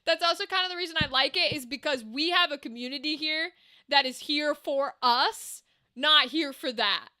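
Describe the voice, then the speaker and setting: High, bright-voiced woman streamer. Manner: chatty, swears freely, laughs often. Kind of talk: casual chat with a live stream audience.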